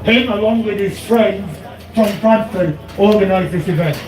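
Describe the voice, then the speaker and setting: Speaking through a handheld mic at an outdoor street rally, a man from the United Kingdom delivers an impassioned speech and leads chants to rouse the crowd. His voice sits high and his pace is measured. The recording is echoey and distant, with a loud crowd and slight background noise.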